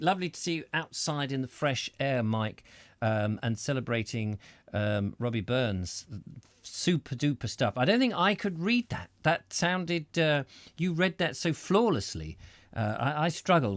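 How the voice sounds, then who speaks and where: Rambling host, dry close sound. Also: male voice, mid-range voice, fairly bright tone, no echo. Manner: rambling, hesitant, with many fillers and restarts. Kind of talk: casual chat.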